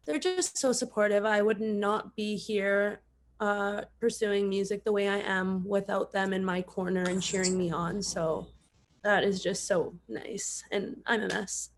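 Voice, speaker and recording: A woman contestant answering haltingly, emotional after hearing from her family. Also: mid-range voice. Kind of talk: emotional interview reply.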